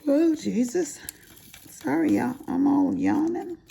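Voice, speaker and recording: A woman's voice: sits high, huge pitch swings, takes it slowly, creaky, dark tone. An older woman, chatting casually and teasingly to viewers while she crafts. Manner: chatty, folksy, teasing, addresses viewers as y'all and honey. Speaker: crafting vlogger.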